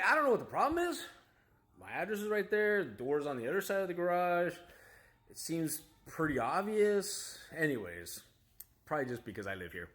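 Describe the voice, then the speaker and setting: An American father and vlogger tells a story to camera in a casual, rambling, self-critical way, full of restarts and asides. His voice is fairly high-pitched and a bit bright.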